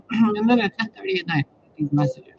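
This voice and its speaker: Gravelly, cursing man on a muffled mic. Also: sits high, brisk, a little hiss or hum. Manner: profane, expressive, blunt. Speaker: tarot reader. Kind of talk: rambling casual monologue.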